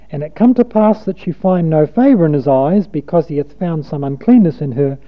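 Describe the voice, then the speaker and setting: Male preacher, emphatic sermon delivery, tinny lo-fi recording. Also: fairly high pitch. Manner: emphatic, rhythmic wordplay. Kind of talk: sermon reading scripture.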